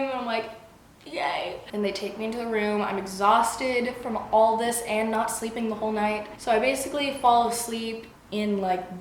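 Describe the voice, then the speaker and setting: A young woman recounting a story to camera in a relaxed, rambling way, peppering her talk with fillers and quick acted-out quotes. Her voice sits at an ordinary middle pitch for a woman. The room around her rings with noticeable echo. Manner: chatty, filler-heavy, acts out quotes. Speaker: vlogger. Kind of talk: casual storytime.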